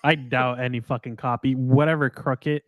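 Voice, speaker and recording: A man's voice: medium pitch, fairly even intonation, moderate pace, dry recording. Swearing man in loose, dry podcast chat. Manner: crude, swears a lot, loose. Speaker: podcast guest. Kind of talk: casual film review chat.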